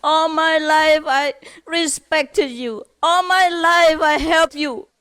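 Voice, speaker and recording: A woman's voice: sits high, unhurried, pitched above the performer's own voice. A woman voicing a father in a told joke, speaking to his son and to his best friend. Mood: heartbroken. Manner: patient, then tearful and reproachful. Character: reassuring father, then wounded and heartbroken.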